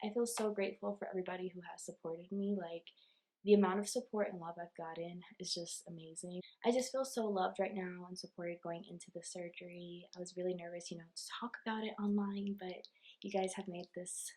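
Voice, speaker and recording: A young woman vlogging casually to camera in a chatty, excitable way. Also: lowish voice, brisk, low-quality recording.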